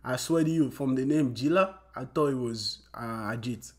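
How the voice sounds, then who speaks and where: A man hosting a reaction video, talking excitedly in casual slang and often asking "you know what I'm saying". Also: mid-range voice, normal speed.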